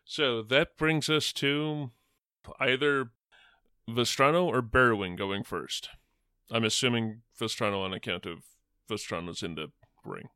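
A man running a tabletop game, narrating in an unhurried, measured way with plenty of fillers. His voice is bright and crisp, recorded dry and close. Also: mid-range voice, no room sound. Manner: measured, descriptive, with frequent fillers. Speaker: game master.

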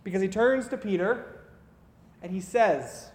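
A man delivers a sermon, telling stories in an earnest, conversational way. His voice sits high, and it rings out in a roomy hall with a long, trailing reverb. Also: expressive, measured pace, long pauses, darkish tone. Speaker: preacher.

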